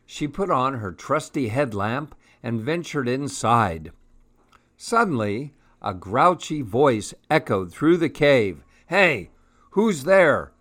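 A man reading a children's picture book aloud in a gentle, expressive way. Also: medium pitch, slow. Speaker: storyteller.

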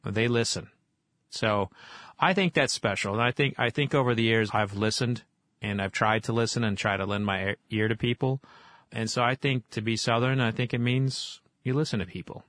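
Male guest from Oklahoma, mid pitch, animated casual storyteller, dry close studio mic. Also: normal speed, no echo. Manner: animated storyteller, lively with fillers. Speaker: guest, whiskey author. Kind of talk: casual interview talk.

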